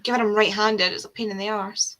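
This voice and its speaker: A woman's voice: medium pitch, flat delivery, a little fast, sharp tone, poor audio. A young adult woman hosting a livestream in casual chat, rambling with frequent ums and the odd swear word. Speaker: livestream host of reading sprints.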